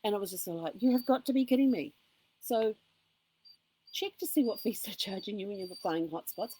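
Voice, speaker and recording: A woman's voice: medium pitch, slight background noise. A woman vlogging from a campground, telling a long story about a phone call and acting out both sides of the conversation. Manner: animated retelling with quoted dialogue. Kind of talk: casual storytelling vlog.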